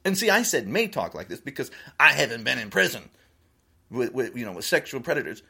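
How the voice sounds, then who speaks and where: A man's voice: mid-range voice, big pitch swings, fairly quick, a bit bright, slightly rough. A man giving an indignant opinion monologue, laughing between his points.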